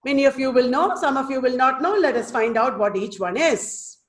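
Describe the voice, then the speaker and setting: Woman lecturer, higher voice, slow and sing-song, on a video call in an echoey room. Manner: slow, emphatic, sounding out stress patterns. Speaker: teacher. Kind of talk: webinar lecture. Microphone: computer mic on a video call.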